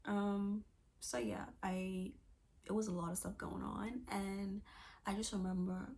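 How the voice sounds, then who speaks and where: A woman's voice: mid-range voice, unhurried, creaky, darkish tone. A woman in her twenties giving a candid, emotional personal testimony, searching for words with many fillers and restarts. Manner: earnest and emotional. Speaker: testimony speaker.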